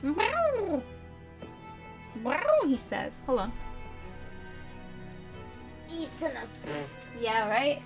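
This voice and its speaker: A woman's voice: high-pitched, sing-song, extremely slow, gravelly, long pauses. A woman streamer chatting casually through a game, sarcastic, swearing freely and laughing often. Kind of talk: casual gameplay commentary. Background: background music.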